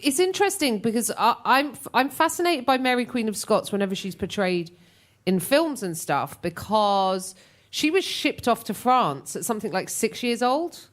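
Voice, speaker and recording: A woman's voice: a little high, animated, normal speed. A woman on a radio comedy panel telling chatty comic anecdotes. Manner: chatty anecdotes with playful accent impressions.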